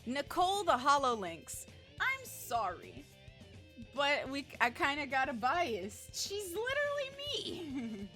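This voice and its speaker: A woman's voice: high-pitched, sing-song, takes it slowly, bright, forceful tone. A young woman streamer chatting casually on a stream, teasing and giggly. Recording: faint music behind.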